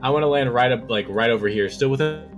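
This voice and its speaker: A man's voice: mid-range voice, fast, music in the background. Casual man playing a tabletop game. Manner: casual, swears freely. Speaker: player.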